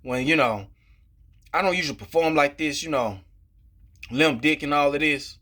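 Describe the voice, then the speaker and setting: A man talking to camera in a casual, profane rant, frustrated and rambling, filling every pause with "you know" and restarting his sentences. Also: fairly high pitch, bright, forceful tone. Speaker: vlogger. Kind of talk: casual ranting monologue.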